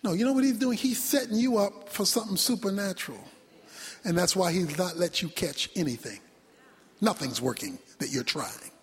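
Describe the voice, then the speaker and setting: A man preaching a sermon with dramatic delivery, shouting one moment and dropping low the next. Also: lively intonation, moderate pace. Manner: dramatic, shouting, sudden drops to near whisper. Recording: long hall reverb.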